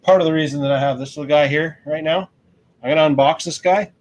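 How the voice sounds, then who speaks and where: A man hosting a relaxed, joking hobby chat. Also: a little high, fast. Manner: relaxed, joking, talks while unboxing. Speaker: host. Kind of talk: casual chat.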